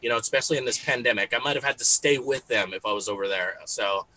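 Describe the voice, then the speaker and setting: A Texan stand-up comedian in his thirties does a conversational set, full of fillers and laughing at his own jokes. His mid-range voice is fast with a sharp tone, and the recording is rough.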